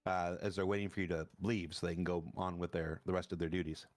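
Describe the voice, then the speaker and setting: Low-voiced man narrating as game master. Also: steady tone, no room sound, clean studio sound. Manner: halting, many fillers and restarts. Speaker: dungeon master.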